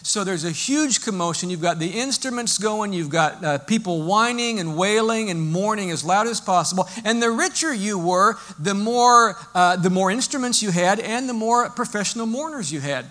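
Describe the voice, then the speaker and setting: A male pastor preaching a sermon in a lively, storytelling way, explaining as he goes. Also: high-pitched, moderate pace, few pauses.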